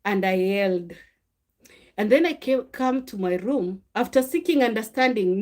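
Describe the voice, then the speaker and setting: Brief: middle-aged woman, mother sharing faith testimony, animated and confessional. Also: medium pitch, measured pace. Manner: animated, confessional, acts out quoted dialogue. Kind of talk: personal faith talk, storytelling.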